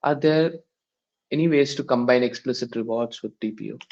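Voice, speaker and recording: A man walks listeners through a research paper in a live online session. He explains haltingly, full of fillers and restarts. His medium-pitched voice comes through slightly muffled call audio. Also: a little mellow. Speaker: paper reading session presenter.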